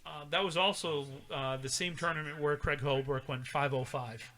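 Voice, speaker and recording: A man's voice: a little high, steady tone, moderate pace, sharp tone. A middle-aged man co-hosting a podcast in casual chat, rambling through old scores with many fillers. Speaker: podcast co-host.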